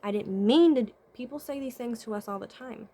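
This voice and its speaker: Slightly high-voiced woman giving casual advice. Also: a little fast, dark tone. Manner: asks many rhetorical questions and checks in with listeners; hums "mm-hmm" often while thinking aloud. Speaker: vlogger and spiritual consultant. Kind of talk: casual advice monologue to camera.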